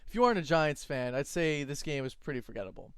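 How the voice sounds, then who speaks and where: A man co-hosting a fantasy football show, animated and opinionated in casual sports talk. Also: on the high side, quick pace, clear, resonant tone, no echo, studio quality. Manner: animated, laughs easily, opinionated.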